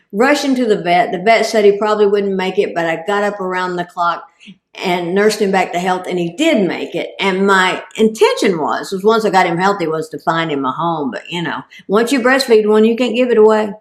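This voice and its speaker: A woman's voice: on the low side, animated, normal speed, roomy sound. A woman giving a humorous, self-deprecating talk as a guest speaker and cancer survivor. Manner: comic, self-deprecating delivery.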